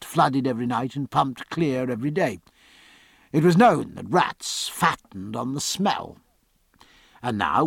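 Expressive husky male audiobook narrator. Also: mid-range voice, no room sound, clean studio sound. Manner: expressive, varied phrasing.

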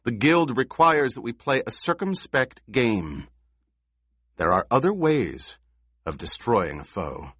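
Audiobook figure: shrewd smuggler boss, low and guarded, unhurried, read by a man. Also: very animated, breathy edge, no echo, studio quality, full character voice. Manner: low, measured, quietly guarded. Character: cautious, shrewd male smuggler chief.

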